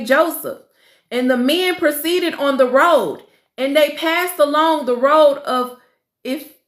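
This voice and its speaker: Woman, high voice, slow careful reading, echoey room. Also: a bit bright. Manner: slow reading, stumbling over names, casual asides. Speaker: Bible study reader. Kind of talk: reading scripture aloud with commentary.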